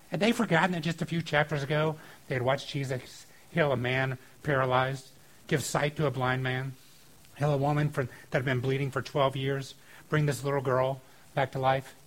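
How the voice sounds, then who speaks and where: Informal, animated male preacher. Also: medium pitch, moderate pace, rough recording. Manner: informal and animated, acting out quotes with filler likes. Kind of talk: casual sermon on a scripture reading.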